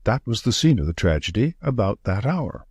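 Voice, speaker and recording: Male reader as confident detective, brisk and probing, husky tone. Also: lowish voice, no room sound, studio quality, full character voice. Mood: reasoning. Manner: brisk, probing, lively questioning. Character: sharp, confident male detective, middle-aged.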